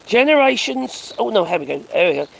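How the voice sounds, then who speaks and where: A man with a high voice streams live from his phone, reacting to a speech in a casual way. He is sarcastic and mocking, and drops swear words between dry chuckles. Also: very animated, brisk, creaky, a bit bright, rough recording.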